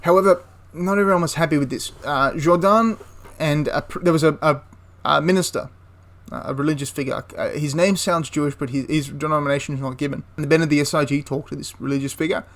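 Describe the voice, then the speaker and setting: A man recounting a wartime episode in an easygoing, talkative way. His voice sits a little high for a man, and he often backtracks, repeats himself and adds asides mid-thought. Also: steady tone, fast, hardly any pauses. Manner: rambling, with frequent restarts and asides. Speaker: history channel host. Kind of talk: casual history storytelling.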